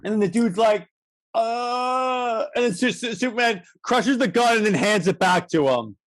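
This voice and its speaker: A man's voice: high voice, lively intonation, fairly quick. Rambling man recapping a comic. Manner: rambling, many restarts, acts out lines. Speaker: podcast co-host. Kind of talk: casual chat recapping comics.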